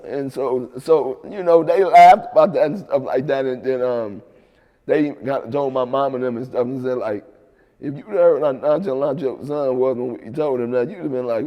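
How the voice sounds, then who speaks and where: A man sits for an interview and tells his story in a loose, easygoing way, dropping "right?" and "man" between phrases. His voice sits at an ordinary pitch for a man. The room carries a long reverb tail. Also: moderate pace, highs cut off. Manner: laid-back, repeats "right?" and "man". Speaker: interview guest.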